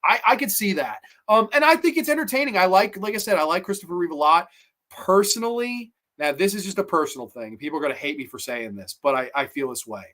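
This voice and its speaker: A man hosting a casual review show, talking in a chatty, animated way and acting out quotes. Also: high voice, fast. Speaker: host.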